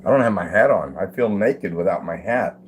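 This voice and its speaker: Sitting low in pitch, this older livestream host's voice is expressive and fairly quick. Indoors at home, he reads comments in a casual live chat, greets viewers by name, and laughs easily. There's a little hiss or hum.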